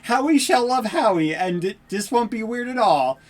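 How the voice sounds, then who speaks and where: A woman's voice: fairly high pitch, animated, moderate pace, soft background music. A woman streaming a video game, making wry, sarcastic asides as she plays. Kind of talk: casual game commentary.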